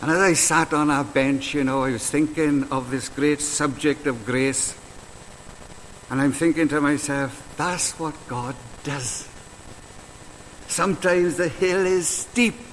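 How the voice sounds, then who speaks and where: A man giving a slow, reflective devotional talk and prayer while out on a walk. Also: fairly high pitch, steady tone, fairly bright tone, big-room sound, a little hiss or hum, low-quality recording. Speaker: preacher. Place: outdoors on a walk.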